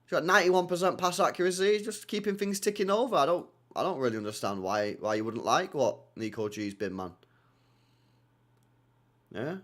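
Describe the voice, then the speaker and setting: A young man hosting a live football watchalong, reading chat and reacting in an animated, teasing way. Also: fairly high pitch, brisk.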